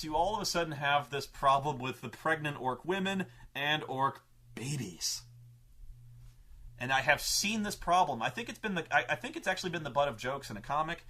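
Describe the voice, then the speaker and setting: Animated man ranting about tabletop games. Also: a little high. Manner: animated, acts out players' quotes in raised voices, swears. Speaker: show host telling tabletop gaming stories. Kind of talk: casual monologue.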